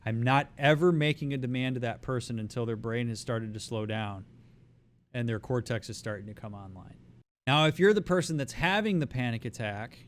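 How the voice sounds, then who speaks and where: A man speaking as a therapist, giving a calm, explanatory lecture on a livestream. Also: mid-range voice, brisk. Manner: calm, explanatory, acts out soothing reassurance.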